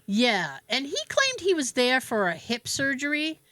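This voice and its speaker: A woman hosting a podcast, telling a story in a casual, animated way with laughs and swearing. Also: high voice, measured pace, no echo. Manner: animated, laughing, profane, with fillers. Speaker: podcast host.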